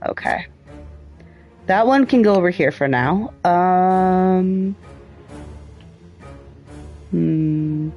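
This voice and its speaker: A woman's voice: low voice, vocal fry, a little mellow. A woman livestreaming a puzzle game, thinking aloud in a chatty way and swearing freely. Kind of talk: casual gameplay commentary.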